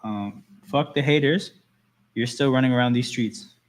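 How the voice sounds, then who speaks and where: A man's voice: medium pitch, normal speed. A man hosting a casual livestream, talking loosely and answering chat messages as they come in. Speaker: livestream host.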